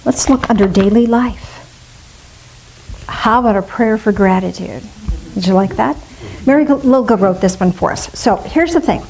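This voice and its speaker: A woman's voice: mid-range voice, moderate pace, a little mellow, a little hiss or hum, poor audio. A middle-aged woman minister giving a spiritual talk to a congregation, playful and musing aloud with asides.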